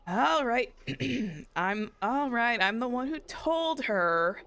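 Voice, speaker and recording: Smooth-voiced giggly woman streaming a game. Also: fairly high pitch, lively intonation, slow pace, fairly bright tone. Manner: giggly and playful. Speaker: VTuber streamer. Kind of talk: casual game-stream chat, reading dialogue aloud.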